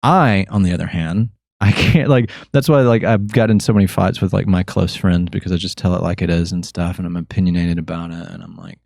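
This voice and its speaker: A chatty, opinionated man with a low voice tells a story at podcast length, acting out every side of it. His voice sounds dry and close, with no room around it. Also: fairly even intonation, brisk, vocal fry, hardly any pauses, darkish tone, no echo. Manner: chatty and opinionated, acts out both sides of anecdotes; frequent restarts and repeated "I was like". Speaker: podcast host. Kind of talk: casual conversational storytelling.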